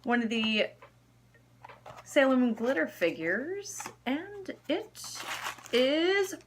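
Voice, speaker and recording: A woman's voice: sits high, very animated, drawn-out words, a little hiss or hum. A young woman vlogger doing an unboxing video, gushing and squealing over cute items. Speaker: cosplay vlogger.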